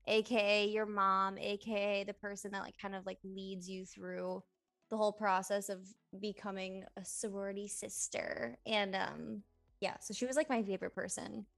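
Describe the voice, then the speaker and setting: A woman's voice: medium pitch, little pitch movement, moderate pace, vocal fry, fairly bright tone, faint music behind. A woman in her twenties co-hosting a podcast, chatting casually and rambling with lots of fillers and giggles. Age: 20s. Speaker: podcast co-host. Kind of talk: casual chat.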